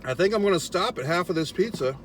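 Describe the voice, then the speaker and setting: A man with a voice a little higher than most talks to his viewers from a car while he eats. He rambles and swears freely, with wry asides to the audience. A faint hum of background noise sits under his voice. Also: lively intonation, fast. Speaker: vlogger. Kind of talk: casual eating vlog rant.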